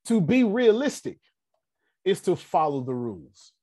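Leading a motivational seminar, a man preaches and fires rhetorical questions at his audience. His high voice is sing-song, unhurried, dark in tone and slightly rough.

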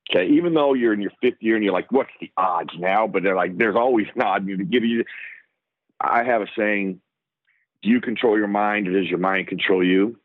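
A middle-aged man with a fairly low voice tells a long personal story as an interview guest. He brings the story alive by acting out other people's lines. He comes through a dry, thin phone line. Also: dry recording. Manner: animated storyteller who acts out the lines of others. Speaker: guest, former football player.

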